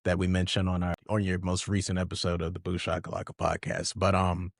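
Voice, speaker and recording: A man hosting a podcast in casual chat, animated and swearing for emphasis, with his voice jumping up when he gets excited. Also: sits low, a little fast, dry recording, studio quality. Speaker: podcast host.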